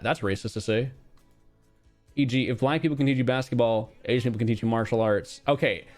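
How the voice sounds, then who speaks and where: A young man streaming casually, reacting bluntly to a quiz with frequent swearing and reading out chat. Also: mid-range voice.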